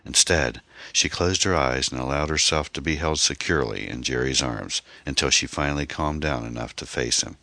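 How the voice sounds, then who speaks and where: A man narrating a mystery novel in an expressive, dramatic storytelling manner. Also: very deep voice, moderate pace, vocal fry, hardly any pauses, no echo. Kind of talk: audiobook narration.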